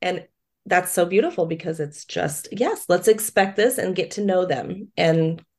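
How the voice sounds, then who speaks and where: A woman's voice: fairly low pitch, expressive, unhurried, darkish tone. A middle-aged woman hosting a podcast, affirming her guest and explaining ideas plainly. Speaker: podcast host. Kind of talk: casual podcast chat.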